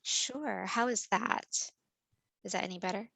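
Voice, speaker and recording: A woman instructor walking students through an online course in a relaxed, filler-heavy way over a video call. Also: mid-range voice, unhurried, vocal fry, dry recording, poor audio. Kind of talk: online course orientation walkthrough.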